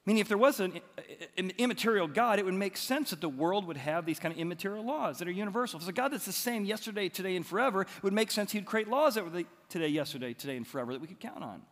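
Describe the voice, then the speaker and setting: A man's voice: high-pitched, animated, fast talker, hardly any pauses, a bit bright. A man, a pastor, giving a sermon in a conversational storytelling way with emphatic rises. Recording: long hall reverb.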